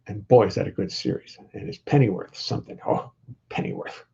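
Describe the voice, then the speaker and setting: A man's voice: fairly low pitch, fairly quick, creaky, warm tone, slightly rough, muffled recording. An older man hosting a casual livestream from his home, rambling in a wry way and greeting viewers by name.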